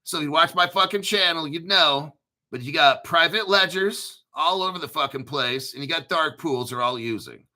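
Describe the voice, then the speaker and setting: Crude, profane male host in his 50s, rants fast and loose with a sharp, very bright tone. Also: fairly high pitch. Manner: crude, foul-mouthed, ranting. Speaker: crypto channel host. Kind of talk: profane livestream rant.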